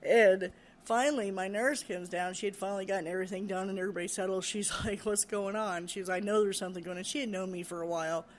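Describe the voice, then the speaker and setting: A woman recounting a frightening experience from her care work, halting, repeating words and laughing nervously. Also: medium pitch, steady tone. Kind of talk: personal storytelling.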